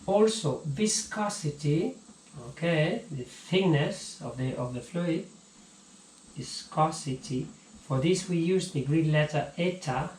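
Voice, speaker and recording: Guy teaching physics, bit higher voice, stops and restarts a lot, echoey room. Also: a little mellow. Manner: halting, repeats words while explaining. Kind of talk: casual physics lesson. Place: home room. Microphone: action camera. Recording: echoey room with faint ambience.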